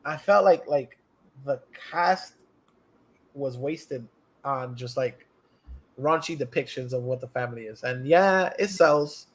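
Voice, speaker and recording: A man's voice: mid-range voice, a little slow. A man, co-hosting a podcast in casual, blunt, profane movie chat that switches between English and Spanish. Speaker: podcast co-host.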